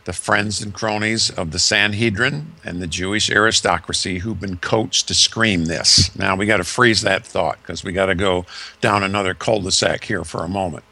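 Gravelly, bright-toned male preacher. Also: deep voice, fairly even intonation, moderate pace. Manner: vivid, dramatic retelling with shifting emphasis. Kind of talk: storytelling sermon.

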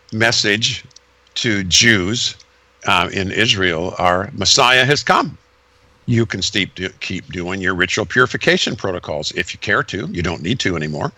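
Bright-voiced man explaining history. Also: low voice, breathy edge, no room sound. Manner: lecturing, sweeping and emphatic, with self-corrections. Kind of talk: explanatory conversation.

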